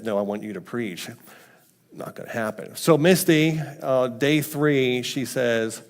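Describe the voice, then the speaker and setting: A man giving a casual, conversational testimony sermon in a church, slipping into quoted voices with sudden pitch jumps. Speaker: mission team member speaking at church. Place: church sanctuary.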